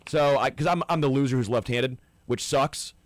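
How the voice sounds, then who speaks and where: A man's voice: medium pitch, moderate pace, no echo. A man co-hosting a sports radio show, arguing his point eagerly in casual banter and stumbling over his words when pressed. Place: radio studio. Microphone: studio microphone.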